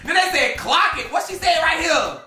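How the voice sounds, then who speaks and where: On a celebrity drama commentary show, a male gossip host reads posts aloud and reacts with sassy exclamations. His voice is extremely high, bright and forceful, expressive, at a normal speed. The mic sits far off in an echoey room, with faint music behind him.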